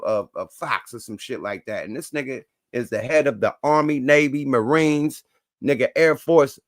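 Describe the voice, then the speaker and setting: A man hosting a commentary show, reacting to clips with loose, emphatic talk full of profanity and repeated catchphrases. His voice sits at a middle pitch. It is recorded dry and close to the mic. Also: no room sound. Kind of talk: casual commentary.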